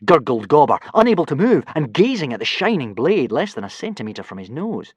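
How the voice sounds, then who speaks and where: A man narrating a children's adventure book with expressive delivery. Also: mid-range voice, normal speed, no echo. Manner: animated, expressive. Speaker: audiobook narrator. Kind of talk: storybook narration.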